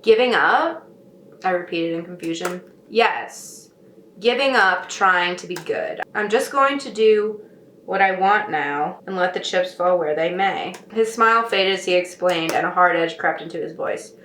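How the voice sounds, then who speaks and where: A woman's voice: fairly low pitch, measured pace, fairly bright tone. A woman writer reading a novel aloud and breaking in with sarcastic, snarky commentary in casual talk. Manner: sarcastic, snarky asides between read passages. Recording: echoey room with faint noise.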